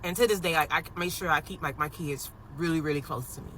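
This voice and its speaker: Woman in her 30s doing an emotional storytime on her phone, lots of "like", bright voice. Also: low-pitched, fast talker, a little hiss or hum, rough recording. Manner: emotional, animated retelling with many "like" fillers. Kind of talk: casual storytime vlog.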